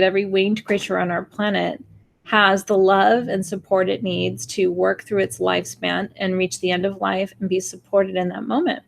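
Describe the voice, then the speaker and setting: A woman in her forties speaks with a gravelly edge as a spiritual teacher leading a new moon gathering. She talks with earnest, emotional urgency, pleading with her listeners, now and then acting out gasps and sighs. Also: medium pitch. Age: 40s. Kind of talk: live-streamed new moon talk.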